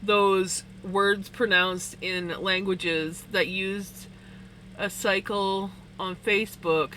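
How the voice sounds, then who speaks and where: Giggly woman chatting slowly. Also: mid-range voice, steady tone, sharp tone, slight background noise, rough recording. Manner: giggly, laughs often between words. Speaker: livestreamer. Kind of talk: casual chat with viewers while spinning wool. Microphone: streaming setup.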